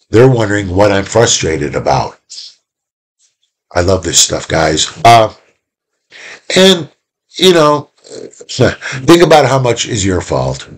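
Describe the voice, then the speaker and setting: A man teaching in a casual video lesson, talking in an animated, chatty way and acting out little quoted exchanges. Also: mid-range voice, normal speed, slightly rough.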